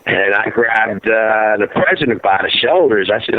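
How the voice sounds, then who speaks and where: A man's voice: lowish voice, normal speed, no room sound. A middle-aged man, father of a fallen serviceman, telling his story as a guest over the phone in a rambling way, full of "you know" and "uh". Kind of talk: emotional phone interview. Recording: tinny phone line, dry.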